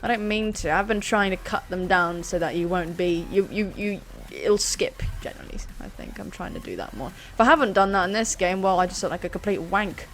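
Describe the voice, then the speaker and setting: A woman's voice: lowish voice, a little fast, few pauses, slight background noise. A woman hosting a gaming channel, chatting through a live battle in a self-deprecating way. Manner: chatty, self-deprecating, sudden excited screams.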